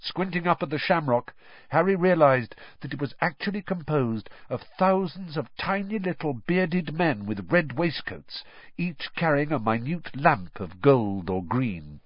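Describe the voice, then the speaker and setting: Slow, expressive husky male narrator. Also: a little high, no echo. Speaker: audiobook narrator. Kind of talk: audiobook narration. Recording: dry, slightly dull recording.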